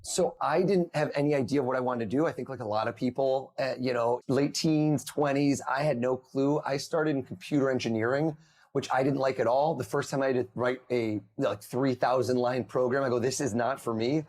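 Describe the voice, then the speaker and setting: Podcast guest, male, energetic storyteller, mid pitch, plays out the quotes. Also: a little fast. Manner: animated storyteller, acts out quoted voices. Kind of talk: conversational storytelling. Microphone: remote call.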